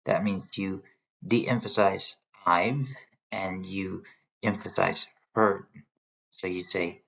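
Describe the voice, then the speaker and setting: A man's voice: deep voice, steady tone, extremely slow, gravelly, fairly bright tone. A man teaching a lesson on poetry, explaining step by step as he points to examples on slides. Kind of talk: recorded lecture on poetry. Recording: dull lo-fi sound.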